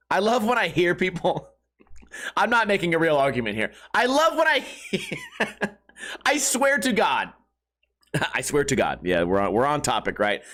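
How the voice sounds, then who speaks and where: A man's voice: sits high, sharp tone. A man hosting a podcast, rambling through a crude comedic monologue and laughing at his own jokes. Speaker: podcast host.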